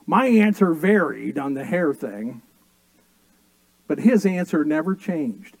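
A middle-aged male pastor preaching from the pulpit, slipping into homely stories with a dry wit. His voice sits a bit high for a man yet sounds dark and mellow. The sound is close and dry, with no room echo. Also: animated, unhurried. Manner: storytelling with dry humor. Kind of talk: sermon.

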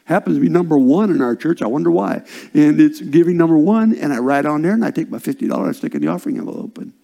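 An older man preaching a sermon as a pastor, swinging from loud, stressed phrases down to hushed whispers. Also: on the high side, lively intonation, fast talker, creaky.

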